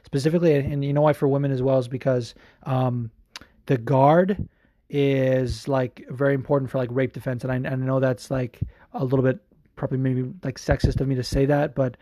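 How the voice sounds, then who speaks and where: A man's voice: mid-range voice, little pitch movement, brisk, dark tone, no echo, studio quality. A man hosting a podcast in casual chat, rambling with lots of fillers and swearing. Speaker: podcast host.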